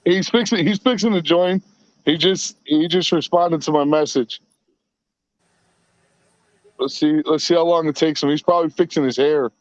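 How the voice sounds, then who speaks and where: High-voiced man on dull lo-fi audio. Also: normal speed, pauses often, no echo. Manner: excited, laughs between lines. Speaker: podcast co-host. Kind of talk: casual chat.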